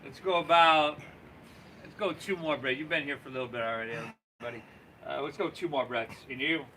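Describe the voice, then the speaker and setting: Bright-voiced male yoga instructor. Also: medium pitch, a little fast, a little hiss or hum. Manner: encouraging, cueing breaths and poses; relaxed, folksy, says y'all. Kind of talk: guiding a live yoga class.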